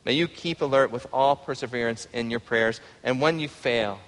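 A male pastor preaching a sermon, swinging from hushed reflection to loud, pleading cries. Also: mid-range voice, moderate pace. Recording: long hall reverb.

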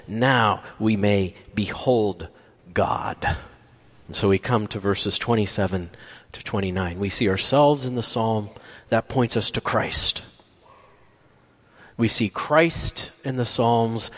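A man's voice: on the low side, unhurried. A man preaching a sermon, building emphasis through repeated phrases, then dropping to near-whispers on key words. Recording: long reverb from a large hall.

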